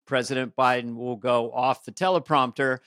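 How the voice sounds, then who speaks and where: A man's voice: mid-range voice, fairly even intonation, normal speed, a bit bright, dry recording, studio quality. A man hosting a comedy podcast, chatting casually and slipping into silly impressions. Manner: playful, breaks into silly put-on voices.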